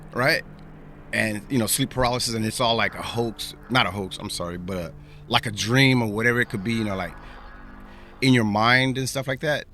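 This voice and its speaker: A man's voice: medium pitch, sharp tone, a little hiss or hum. A man hosting a podcast, telling a personal story in a casual, rambling way, repeating himself and using slang. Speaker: podcast host.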